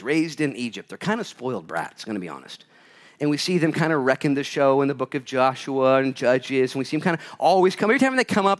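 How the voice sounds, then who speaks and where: Animated preacher with a lively, high voice. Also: male voice. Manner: animated, swings from loud to hushed; reads scripture aloud. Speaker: pastor. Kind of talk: sermon.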